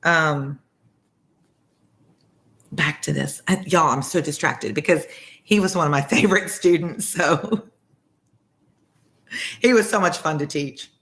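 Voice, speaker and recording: A low-voiced woman reading a classic novel aloud as a former teacher. She keeps stopping for chatty, friendly asides and gets sidetracked easily. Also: measured pace, pauses often, a bit bright. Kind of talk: casual read-aloud with asides.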